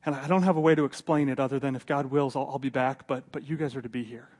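A calm grown apostle, put on by a male preacher, speaking low and hushed. He sounds reassuring and gently insistent. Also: quick pace, natural voice.

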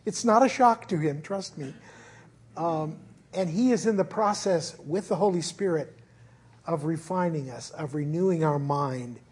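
A man's voice: on the high side, a little slow, a little mellow, breathy edge. A man preaching a conversational sermon as pastor at a church service, earnest and informal with frequent restarts.

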